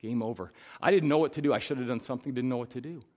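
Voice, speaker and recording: A middle-aged man, a pastor preaching a sermon, who climbs to loud emphatic peaks and then drops to soft, reflective storytelling. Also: mid-range voice, rapid-fire. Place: church sanctuary. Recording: long reverb of a hall.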